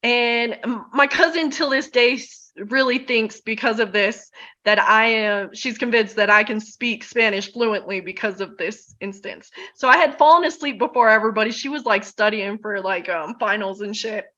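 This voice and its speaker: Bright-voiced woman telling stories, lo-fi. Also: fairly high pitch, moderate pace. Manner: storytelling, laughing, swearing casually. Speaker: podcast co-host. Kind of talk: casual group chat. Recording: dull lo-fi sound.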